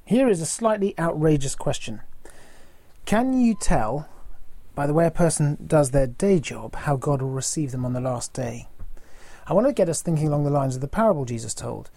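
Husky, mellow preacher in his forties. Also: on the high side, lively intonation, no echo. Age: 40s. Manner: measured, poses rhetorical questions to the congregation. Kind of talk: sermon.

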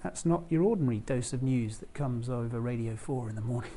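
Delivering a sermon in an easygoing, conversational style, this preacher has a mellow, warm voice at mid pitch and speaks a little fast with hardly any pauses. Direct questions to the audience come up occasionally, with slight background noise behind.

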